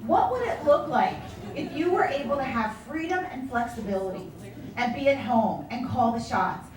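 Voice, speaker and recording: A woman sales director telling her story in a motivational speech, animated and acting out the voices of people she quotes. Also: sits high, normal speed, noisy background. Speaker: sales director giving a talk. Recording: echoey room from far off.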